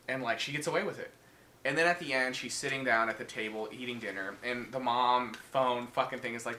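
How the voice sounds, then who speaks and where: A man with a bright, forward voice retells horror movies in loose, swear-filled chat, building each story with animated energy. He sounds like he is in an echoey room, with a faint hiss underneath. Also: mid-range voice, a little fast. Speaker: podcast co-host.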